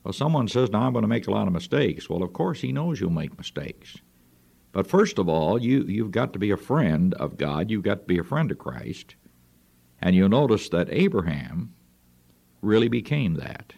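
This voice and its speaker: A man's voice: on the low side, big pitch swings, moderate pace, creaky, dark tone, husky. A man preaching a radio sermon in an earnest, folksy way.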